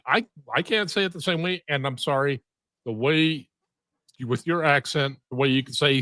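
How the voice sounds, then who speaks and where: A man's voice: a little high, normal speed, sharp tone, dry recording. Hesitant, supportive man on a stream. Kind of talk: casual livestream chat.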